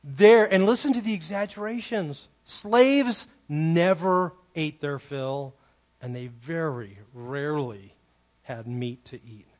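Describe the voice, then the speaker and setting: Man, pastor, conversational sermon, animated, asks questions, slightly high voice. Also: takes it slowly. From California.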